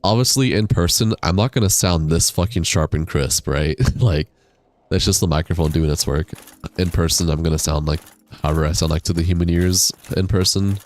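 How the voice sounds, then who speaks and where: A young man streaming a game, chatting casually with a deep, crackly chest voice on a high-quality microphone, laid-back and rambling with casual swearing. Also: a little fast, no room sound. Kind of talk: casual livestream chat while gaming. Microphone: high-quality studio microphone.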